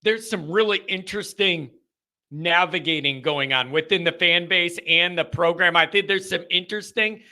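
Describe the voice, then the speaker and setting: A man hosting a live fan call-in show, animated and emphatic, often repeating phrases for effect. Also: high voice, normal speed.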